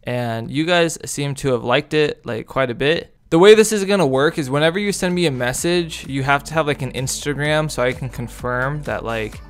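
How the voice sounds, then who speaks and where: A man's voice: a little high, normal speed, hardly any pauses, clear, resonant tone. A young man giving casual, goofy commentary while rating game outfits, rambling and laughing often. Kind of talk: casual commentary over gameplay. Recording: faint background music.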